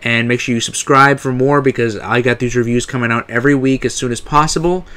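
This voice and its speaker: A man's voice: mid-range voice, fairly even intonation, a little fast, sharp tone, clear, resonant tone. A man giving a casual recap of a TV episode, rambling with restarts and the odd swear word. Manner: rambling, many fillers and restarts, frequent swearing. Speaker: TV episode reviewer.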